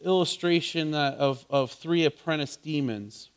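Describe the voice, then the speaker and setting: A man's voice: on the high side, unhurried, clear, resonant tone. Earnest preacher man with frequent restarts. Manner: earnest, repeats words and restarts, asks the audience questions. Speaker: pastor. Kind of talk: sermon.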